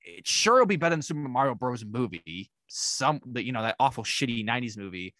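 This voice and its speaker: A man's voice: mid-range voice, very animated, fairly quick, a bit bright, no echo. A man co-hosting a casual movie podcast, blunt and swearing freely. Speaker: podcast co-host. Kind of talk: casual chat.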